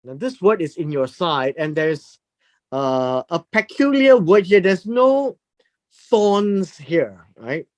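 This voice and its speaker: A Bible teacher giving a verse-by-verse lesson, explaining word meanings deliberately and emphatically, often repeating phrases. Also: medium pitch, lively intonation, a little mellow.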